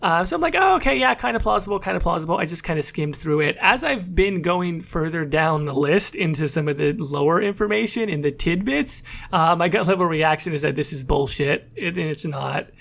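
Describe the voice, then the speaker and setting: A man with a slightly raised voice co-hosts a casual podcast. He talks in an animated way, full of fillers and quick restarts. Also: a little high, creaky. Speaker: podcast co-host. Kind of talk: casual chat.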